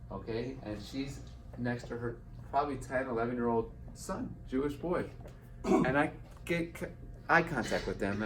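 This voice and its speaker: A man's voice: mid-range voice, a little hiss or hum. A man in his forties, a guest speaker, telling a personal story to an audience and acting out the voices of the people in it. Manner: animated storyteller acting out quotes. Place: event hall with live audience. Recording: roomy hall, mic heard from a distance.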